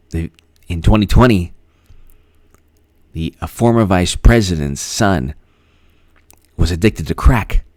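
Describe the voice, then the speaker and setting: Brief: male stream host, low-ish voice, rambling and chuckling, thanks chatters by name. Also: a little mellow, dry recording, clean studio sound. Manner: rambling, laughs often, thanks viewers by name. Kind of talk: live-stream political commentary.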